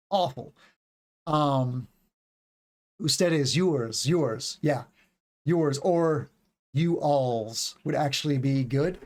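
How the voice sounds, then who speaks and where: A man's voice: on the high side, a little mellow. A man in his forties, an English teacher giving a casual livestream lesson, chatty and rambling, stretching out words to show stress and intonation. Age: 40s.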